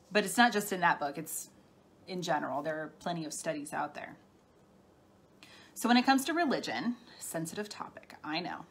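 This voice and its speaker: A woman's voice: lowish voice, fairly bright tone. A middle-aged woman talking casually on a live stream as a spiritual healer, chatty and laughing often as she answers viewer comments. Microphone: phone or webcam.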